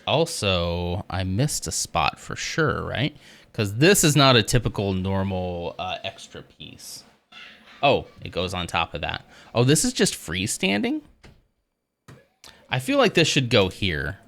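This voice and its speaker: A man's voice: low voice, very animated, unhurried, gravelly, a bit bright. A man livestreaming as he builds a Lego set, chatting casually and laughing often at himself.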